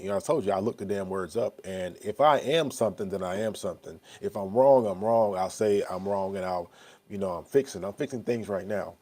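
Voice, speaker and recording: Blunt, rambling man, warm low voice. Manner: rambling, candid, frequent "you know what I'm saying"; swearing, blunt. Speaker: vlogger. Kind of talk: casual talk to camera.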